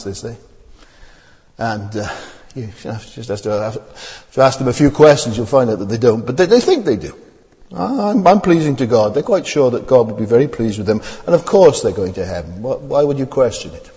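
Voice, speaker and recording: A man's voice: medium pitch, fairly quick. A man preaching a sermon, asking his listeners many rhetorical questions as his voice rises and falls. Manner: rhetorical questions, lively rising and falling delivery. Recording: long hall reverb.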